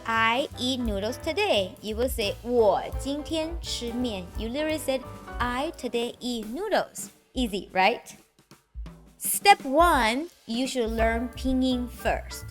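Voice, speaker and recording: A woman with a Mandarin Chinese accent teaching a beginner language lesson, speaking slowly and clearly and exaggerating the tones for learners. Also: on the high side.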